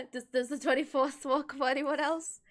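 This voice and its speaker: A woman's voice: high voice, a little slow, fairly bright tone. A woman from Colombia chatting casually with viewers on a livestream, giggling often and talking animatedly with her hands near a desk microphone. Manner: giggly, laughs often between sentences.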